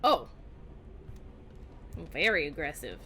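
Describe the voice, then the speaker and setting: Bright-voiced woman, chatty gamer. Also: low-pitched, very animated, slow, a little hiss or hum. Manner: chatty, rambling, many fillers. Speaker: let's play streamer. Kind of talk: casual gameplay commentary.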